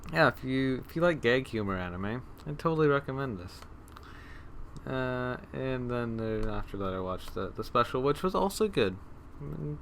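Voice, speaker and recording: A man's voice: mid-range voice, fairly bright tone, a little hiss or hum. A man casually reviewing anime he watched, rambling with many fillers, restarts and dry sarcastic asides. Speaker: anime vlogger.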